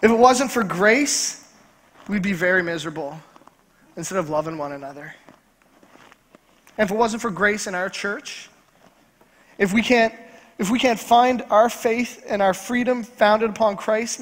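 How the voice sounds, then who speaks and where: A male pastor preaching a sermon in a church, driving points home by repeating key phrases slowly. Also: high-pitched, a bit bright. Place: church sanctuary. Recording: long church hall reverb.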